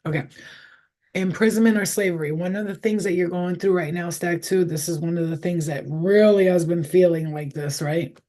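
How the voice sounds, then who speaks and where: A woman's voice: on the low side, fairly even intonation, normal speed, dark tone. Middle-aged woman doing a candid tarot livestream. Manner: profane, candid, rambling storyteller. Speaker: tarot reader. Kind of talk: casual live tarot reading chat. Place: indoors, in her room.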